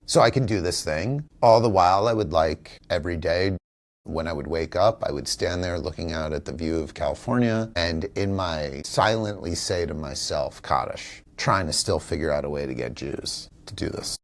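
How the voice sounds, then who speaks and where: A man's voice: sits low, normal speed. A man in an interview, telling a personal story in an earnest, reflective, emotional way. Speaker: actor, interview guest; father and teacher. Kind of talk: candid conversational storytelling.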